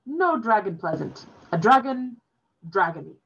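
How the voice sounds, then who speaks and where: A woman reading aloud and voicing an earnest boy who speaks broken English in a halting, insistent way. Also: fairly high pitch, very animated, fairly bright tone, breathy edge, voice pushed up, full character voice. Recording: dull lo-fi recording.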